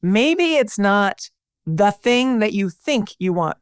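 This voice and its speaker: A middle-aged woman, a podcast guest, telling lively stories and acting out the voices she quotes. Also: mid-range voice, takes it slowly, clean tone, no echo, studio quality. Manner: animated storyteller, acts out quoted voices. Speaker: podcast guest, broadcaster and speaker. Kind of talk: conversational interview.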